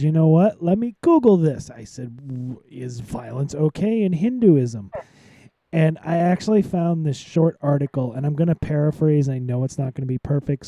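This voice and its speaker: Dark-toned man on a live podcast. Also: fairly high pitch, dry recording. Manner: rambling, many restarts and fillers. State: tired. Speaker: podcast co-host.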